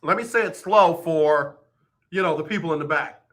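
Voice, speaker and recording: A man's voice: on the high side, moderate pace, fairly bright tone. A man hosting live sports talk radio, joking and repeating his points for effect into a studio microphone.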